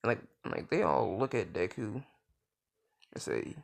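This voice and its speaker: Brief: young guy, gravelly, lively swoops, rambling casual storyteller. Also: fairly low pitch, normal speed. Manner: rambling, filler-heavy, many restarts. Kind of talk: casual improvised fan story.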